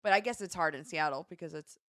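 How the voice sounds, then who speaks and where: A woman co-hosting a radio morning show, chatting in a teasing, animated way and reading listener messages aloud. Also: sits low, quick pace, no room sound, clean studio sound. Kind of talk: casual morning-show banter.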